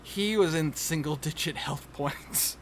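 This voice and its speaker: Laughing game master, slightly high voice. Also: male voice, a little slow, fairly bright tone, a little hiss or hum. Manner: casual, laughing often, stumbling restarts. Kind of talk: narrating a tabletop game over voice chat.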